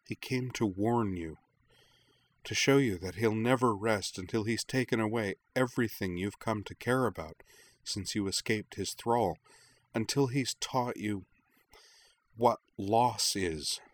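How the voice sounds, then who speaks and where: A man voicing a frightened young woman in pain, speaking in a hushed, strained way. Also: fairly low pitch, a little slow. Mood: urgent. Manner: hushed, strained, breaking into pained cries. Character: frightened pained young woman warning a friend.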